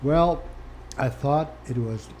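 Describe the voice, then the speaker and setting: An older man from Canada speaks as an interview guest, his mellow, warm-toned voice moving between hushed reflection and sudden animated bursts. He talks plainly and earnestly about his own life. A faint hiss sits under the recording. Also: mid-range voice, takes it slowly. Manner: earnest, plain-spoken, swings from quiet to animated. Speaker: interview guest, former First Nations chief. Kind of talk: candid personal storytelling.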